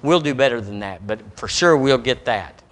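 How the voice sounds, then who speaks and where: A man preaching a sermon, voicing God as calm, generous and reassuring. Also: mid-range voice, normal speed, pitched below the performer's own voice, natural voice.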